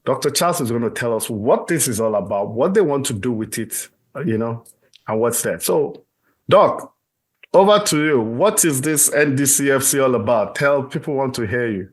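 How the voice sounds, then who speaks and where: A man's voice: medium pitch, lively intonation, normal speed, husky. Upbeat chatty male talk show host. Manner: upbeat, chatty, peppered with "you know". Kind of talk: talk show introduction and interview.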